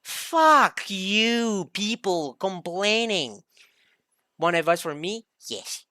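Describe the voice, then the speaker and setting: Lively, heated woman ranting. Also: medium pitch, drawn-out words, no room sound, clean studio sound. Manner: heated, swearing, emphatic. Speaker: streamer. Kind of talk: ranting casual monologue.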